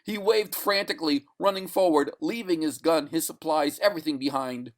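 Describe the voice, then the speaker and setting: A man reading a short story aloud in a deliberate, expressive narration. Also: on the high side. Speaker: reader. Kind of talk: audiobook narration.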